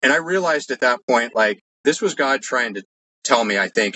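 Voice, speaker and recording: As an interview guest, a man earnestly rambles through his personal experiences, saying "like" a lot and restarting sentences. His medium-pitched voice is animated, pushed and bright at a normal speed, and the recording is rough.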